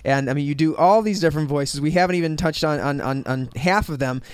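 A man's voice: fairly high pitch, fast talker, clean tone, dry recording. A man hosting a radio show from the studio, chatty and often stammering over his words. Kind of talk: casual radio interview.

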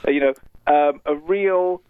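A man's voice: fairly high pitch, measured pace, smooth, dry recording. A Welsh film director, a man, chatting in a self-deprecating way as a radio guest on the phone, laughing often. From Wales. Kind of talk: casual radio interview over the phone. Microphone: phone call. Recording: muffled phone line, dry.

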